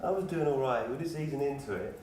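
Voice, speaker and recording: A man's voice: mid-range voice, fast, darkish tone. A man arguing casually and bluntly, insisting on his point and talking over the other speaker. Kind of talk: casual argument. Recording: echoey room from far off, noisy.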